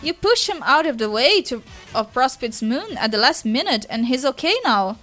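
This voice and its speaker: A woman with a Brazilian Portuguese first language voicing a patient teenage girl who calms and coaxes a crying friend. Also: sits high, moderate pace, faint music behind. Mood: coaxing. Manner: soothing, coaxing.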